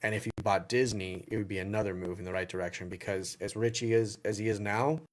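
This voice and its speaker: A man's voice: on the low side, fairly even intonation, quick pace. A man with a Southern US accent hosting a livestream Q&A in casual chat, rambling and repeating phrases as he goes. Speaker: livestream Q&A host.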